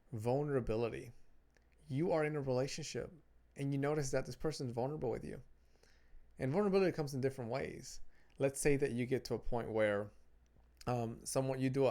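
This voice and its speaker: A man with a gravelly, creaky voice gives relationship advice straight to camera. He talks in an earnest, conversational way, doubling back on his words as he checks his notes. His pitch sits in an ordinary middle range. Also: warm tone. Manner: earnest, repeats words and restarts phrases while reading notes. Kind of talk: casual advice talk to camera.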